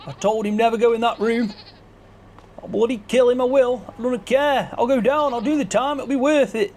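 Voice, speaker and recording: A man voicing a hot-tempered farmer with a strained, raspy voice who rants and threatens. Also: extremely high pitch, normal speed, slight background noise, pitched above the performer's own voice. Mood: vengeful. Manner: ranting, threatening, yelling. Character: furious shouting male farmer, hot-tempered. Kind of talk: game video character voice.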